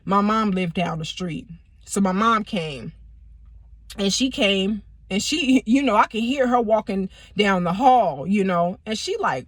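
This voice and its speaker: A woman telling a personal story in a casual, animated, profane way. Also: medium pitch, unhurried, no room sound, studio quality. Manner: animated, profane, emphatic retelling. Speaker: vlogger, storyteller.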